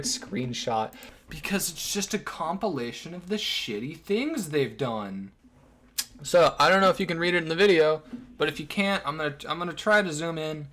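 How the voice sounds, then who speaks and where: A man's voice: on the high side, animated, normal speed, a bit bright. Sarcastic, foul-mouthed male commentator. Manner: sarcastic, crude, lots of swearing. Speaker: online drama commentator. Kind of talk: commentary video.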